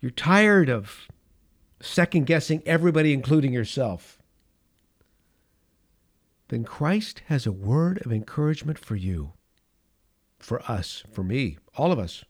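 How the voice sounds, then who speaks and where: A man's voice: mid-range voice, sing-song, slightly rough. Impassioned male preacher. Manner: impassioned preaching with dramatic pauses and swings in loudness. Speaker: pastor. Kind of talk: sermon.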